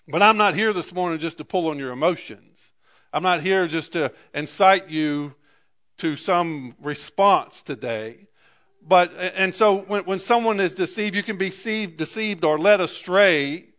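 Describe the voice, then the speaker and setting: Man, sermon, slightly high voice, stumbling restarts, rhetorical questions. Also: a bit bright. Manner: halting, repeats words, asks congregation "Amen?". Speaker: preacher.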